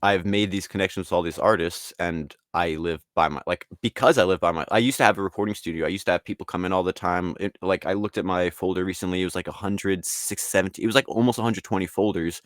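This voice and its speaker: A man's voice: deep voice, fast talker, few pauses, no room sound, studio quality. A man guesting on an interview podcast, talking casually and rambling, acting out quotes from other people. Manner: rambling, animated, acts out quotes in voices. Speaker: guest artist and league founder.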